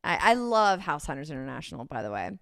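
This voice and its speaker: A woman's voice: low voice, sing-song, quick pace, gravelly, fairly bright tone, dry recording, clean studio sound. A woman with a Californian accent, a podcast guest who rambles and giggles through casual chat, full of ums. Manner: rambling, giggly, many fillers.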